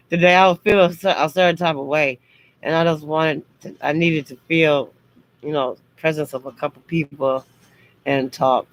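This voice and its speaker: A woman's voice: deep voice, steady tone, moderate pace, poor audio. A woman hosting a casual livestream chat. She talks to her viewers in a harsh, blunt way, though she means no harm. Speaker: livestream host.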